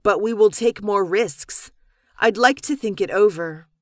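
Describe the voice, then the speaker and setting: Clear woman reading scripted business dialogue. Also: medium pitch, no echo, clean studio sound. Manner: measured, even, clearly articulated reading. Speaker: dialogue reader and lesson announcer.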